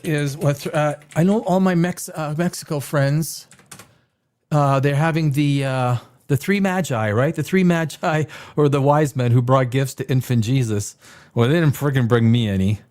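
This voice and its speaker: A man's voice: a little high, normal speed, a little mellow. A middle-aged man hosting a casual livestream, rambling and joking, often laughing at himself. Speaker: livestream host.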